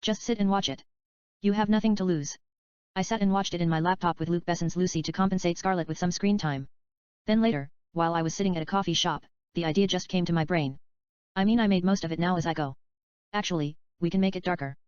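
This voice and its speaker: A woman reading the part of a chatty, dreamy male screenwriter in a plain, even voice. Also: lowish voice, fast talker, clear, resonant tone, no echo, lightly acted. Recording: dull, slightly lo-fi dry recording.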